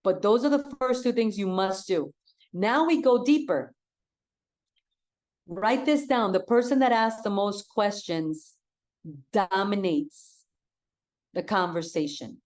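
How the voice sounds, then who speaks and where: Woman, real estate coach, enthusiastic, energetic, direct, mid-pitched, repeats key points. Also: takes it slowly, pauses often. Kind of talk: coaching talk.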